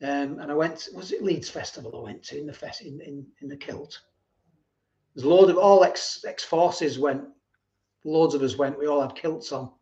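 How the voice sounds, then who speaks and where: A man's voice: fairly high pitch, normal speed, darkish tone. A middle-aged man chatting casually on a livestream, rambling and repeating himself as he answers viewers. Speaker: livestream host. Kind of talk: casual live chat reading viewer comments. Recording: dull lo-fi stream audio.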